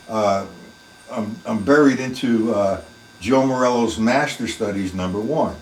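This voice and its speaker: A man's voice: fairly low pitch, measured pace, distant mic, a little hiss or hum. Emphatic male drum teacher in echoey room. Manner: plain-spoken, emphatic, demonstrating strokes aloud. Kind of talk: live online drum lesson. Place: practice room.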